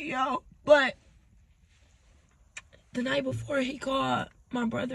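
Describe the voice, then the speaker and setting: A woman vlogger talking through tears in an emotional personal vlog. She speaks haltingly, breaks off mid-sentence and drops to near-whispers. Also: a little high, vocal fry, breathy edge. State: tearful.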